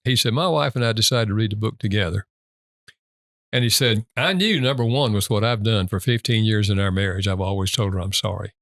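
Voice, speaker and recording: A man's voice: a little fast, fairly bright tone, no echo. Older man telling anecdotes, dry sound. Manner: retells stories with quoted voices, pitch leaps in the quotes. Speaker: guest author. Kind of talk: storytelling interview chat.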